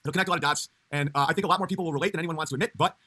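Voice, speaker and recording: In a casual livestream, a male comedian streamer rambles along in a high, bright voice at a racing pace. He frequently stops and restarts, and he laughs easily.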